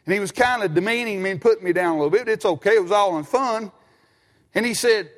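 A high-voiced man preaches in a church with a folksy, animated delivery, often restarting his sentences. The sound carries a long reverb from the hall around him. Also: fast talker. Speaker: pastor. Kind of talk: sermon. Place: church sanctuary.

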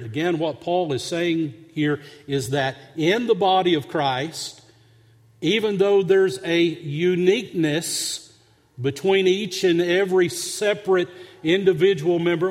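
Slow-paced preaching man in reverberant sanctuary. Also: on the high side. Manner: storytelling with humor, earnest. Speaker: pastor. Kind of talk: sermon. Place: church sanctuary. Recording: long hall reverb.

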